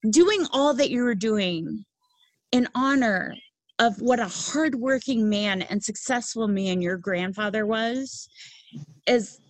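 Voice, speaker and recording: Earnest high-voiced woman podcast host. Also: takes it slowly, dry recording, low-quality recording. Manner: emphatic, earnest and laughing easily. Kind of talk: casual podcast conversation.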